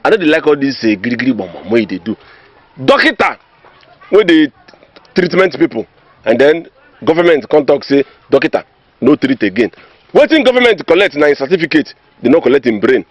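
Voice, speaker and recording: An actor with a Nigerian accent playing a village vigilante in a comedy film, lecturing others in a husky voice. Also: male voice, on the high side, sing-song, brisk, no room sound, muffled recording. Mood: preachy. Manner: lecturing, Pidgin-speaking. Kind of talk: Nollywood comedy film acting.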